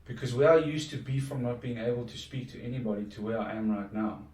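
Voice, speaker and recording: A man's voice: medium pitch, fairly even intonation, fast, a little mellow. A middle-aged man, a podcast guest talking in a reflective, earnest way with frequent restarts. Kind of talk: casual conversation. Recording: echoey room, distant from mic.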